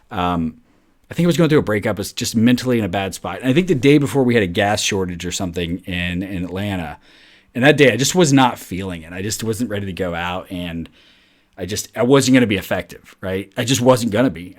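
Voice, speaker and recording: A middle-aged man hosting a podcast, telling a story in a loose, chatty way, peppering his talk with "like" and "right?". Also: low voice. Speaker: podcast host. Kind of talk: casual storytelling monologue.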